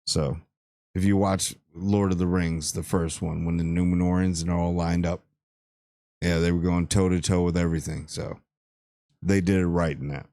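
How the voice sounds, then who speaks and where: Male host, low-pitched, talking loose and slangy through a spoiler review in a dry room. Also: flat delivery, moderate pace, dark tone, dry recording. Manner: rambling and slangy, with playful asides.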